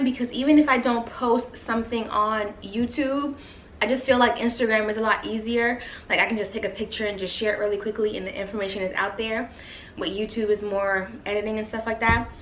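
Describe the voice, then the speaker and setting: A woman's voice: fairly high pitch, fairly bright tone. A woman chatting casually to her viewers in a home vlog, gushing and talkative, recorded by a camera on a bedroom floor. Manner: chatty, gushing, addresses viewers as you guys. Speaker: lifestyle vlogger. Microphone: camera on the floor at eye level. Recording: echoey room with faint hum.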